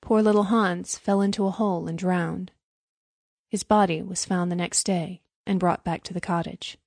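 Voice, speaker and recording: A woman narrating a storybook in a measured, clear reading. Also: lowish voice, steady tone, darkish tone, no echo.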